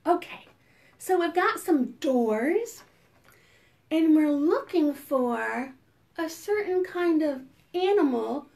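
A woman leads a storytime for small children in a high, bouncing voice that leaps up and down. She speaks slowly and plainly, with playful gasps and animal noises. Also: darkish tone. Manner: sing-song, playful, full of gasps and animal sounds. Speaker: children's librarian. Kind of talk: preschool storytime.

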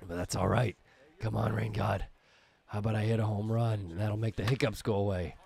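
A man giving live gameplay commentary while hiccuping and gasping between words, excitably cheering himself on as he plays. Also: on the low side, moderate pace, creaky, husky. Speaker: gaming YouTuber.

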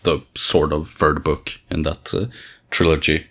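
A man in a casual podcast conversation, pausing and restarting often as he talks. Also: a bass voice, little pitch movement, fairly bright tone. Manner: hesitant, many fillers and restarts.

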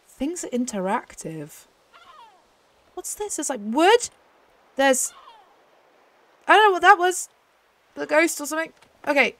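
A young woman host chatting excitedly as she plays a game, often laughing. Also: sits high, measured pace, long pauses. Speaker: gaming channel host. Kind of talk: casual gameplay commentary.

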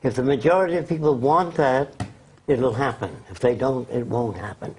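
A man's voice: mid-range voice, moderate pace, a loud crowd. An older man being interviewed, telling blunt, anecdotal stories. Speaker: interview guest, designer. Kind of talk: storytelling in an interview.

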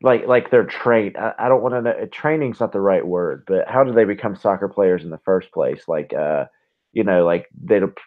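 A man co-hosting a casual podcast chat, talking haltingly and repeating words as he thinks. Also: low-pitched. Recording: tinny phone-like line.

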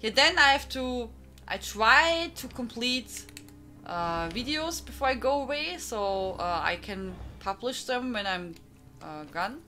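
A woman's voice: a little high, animated, slow pace, bright, forceful tone, soft background music. A woman from Germany with a strong German accent, chatting casually on a live stream, greeting viewers by name and laughing often.

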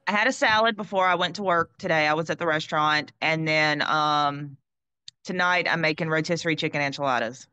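A woman's voice: low-pitched, fairly quick, bright, forceful tone, clear, resonant tone, no room sound, muffled recording. A woman chatting in an easygoing, joking way. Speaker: livestream guest. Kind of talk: casual chat.

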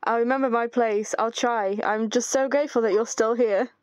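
A woman's voice: fairly high pitch, steady tone, moderate pace, smooth, no room sound, natural voice. A woman reading aloud the chat lines of an anxious, self-blaming young man who pleads not to be left. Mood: pleading. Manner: pleading, apologetic.

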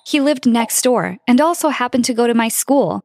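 A young adult woman narrating an animated story in the first person, in a sarcastic, expressive teen-girl manner. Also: a little high, normal speed.

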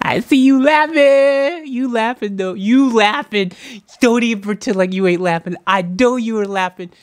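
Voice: medium pitch, normal speed, dry recording. A music reaction host in casual commentary, joking and teasing the viewers in a playful way. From United States.

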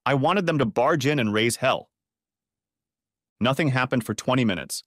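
A man narrating a first-person revenge story audiobook in an expressive, dramatic manner on a close mic. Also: mid-range voice, moderate pace, no room sound.

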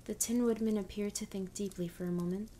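A woman reading a storybook aloud in a soft, unhurried whisper as whispered role-play ASMR. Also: mid-range voice, steady tone, slight background noise.

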